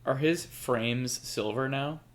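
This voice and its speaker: A man's voice: medium pitch, takes it slowly. Laid-back man agreeing in a casual chat. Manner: relaxed, short agreeing replies. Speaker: podcast co-host.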